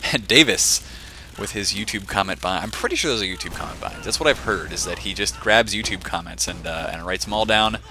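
A man shoutcasting a competitive online game, giving chatty, joking play-by-play with frequent off-topic asides. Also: lowish voice, brisk, a little hiss or hum. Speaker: esports shoutcaster. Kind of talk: live game commentary.

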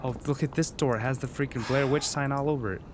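Male gaming streamer, jokey and excitable, mid pitch, noisy recording. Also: fast. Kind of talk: let's-play commentary.

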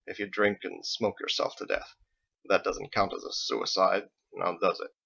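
A man voicing a lazy, drunken sea captain who speaks in a slow, low, weary drawl, in a dull lo-fi recording. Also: little pitch movement, vocal fry, pushed and bright, husky, heavily acted. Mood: musing.

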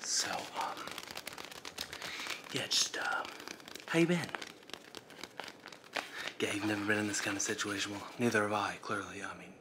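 A man doing comedic whispered role-play as an intruder, nervous and stammering, whispering frantically and often breaking into loud hissed commands. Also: lowish voice, steady tone, a little slow, pauses often. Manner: flustered, stammering, repeats himself. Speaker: ASMR creator.

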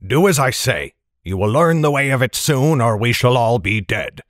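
A man voicing an impatient, gruff boat captain who barks scornful orders in an audiobook. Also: mid-range voice, expressive, moderate pace, no echo, studio quality, natural voice.

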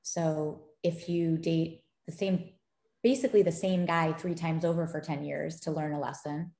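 A guest in a casual interview, a woman who started a gaming company speaks in a low, creaky voice at a measured pace. She recounts stories with animation and laughs a lot, and the recording echoes around the room.

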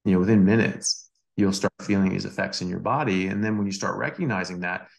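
A man's voice: deep voice, brisk, vocal fry. A man, a doctor co-hosting a podcast, telling a personal story in casual conversation, with many fillers and restarts. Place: Australia.

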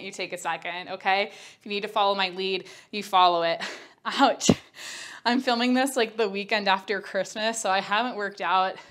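A young woman leads a Pilates class while she does the exercises herself, and she is audibly out of breath. She talks in a chatty, candid way between counts and cues. Her voice sits at an ordinary middle pitch. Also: a bit bright. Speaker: Pilates instructor. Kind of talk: workout instruction.

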